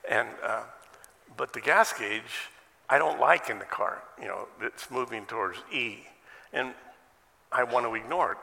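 American guy preaching, kinda gravelly, lots of where are you questions and jokey asides, echoey church. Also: medium pitch, bright, forceful tone. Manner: rhetorical questions and folksy asides. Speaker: pastor. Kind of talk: sermon.

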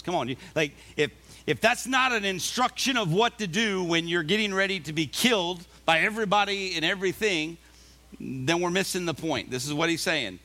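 A male pastor delivering a sermon, reading scripture slowly and urging listeners on with emphatic, repeated exhortations. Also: a little high, lively intonation, sharp tone. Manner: reads scripture aloud slowly.

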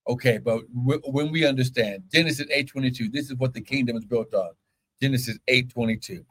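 A pastor preaching a fervent sermon, shouting scripture and breaking into exclamations between verses. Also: male voice, mid-range voice, fairly quick.

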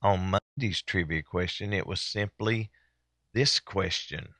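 A man hosting a daily broadcast, talking in a relaxed, chatty way with many fillers. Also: low-pitched, measured pace, no room sound. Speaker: host. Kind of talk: casual daily broadcast talk.

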